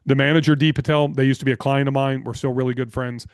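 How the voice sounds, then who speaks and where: A man guesting on a podcast, telling business stories in an energetic, blunt way and swearing freely. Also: mid-range voice, quick pace, smooth, no room sound, clean studio sound. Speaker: podcast guest, real estate investor. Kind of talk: casual interview storytelling.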